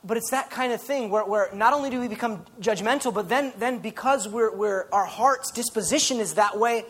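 A man, a pastor, preaching a sermon in a lively, conversational way with frequent restarts. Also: sits high, fairly quick, slightly rough.

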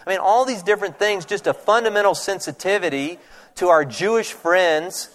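A man preaching a sermon, retelling scripture with animated storytelling, conversational asides and restarts. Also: sits high, normal speed. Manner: animated storytelling, acting out voices in retold scenes.

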